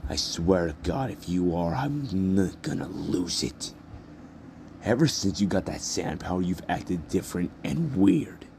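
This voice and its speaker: A man's voice: low-pitched, expressive, measured pace, creaky, dark tone, slight background noise, exaggerated voice. A man doing a hot-tempered teenage bully. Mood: threatening. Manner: threatening, clipped taunts.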